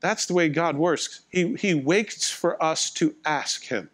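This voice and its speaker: A man's voice: on the high side, slow, fairly bright tone. A middle-aged male pastor delivering a sermon in a conversational, wry, self-mocking way, acting out little dialogues.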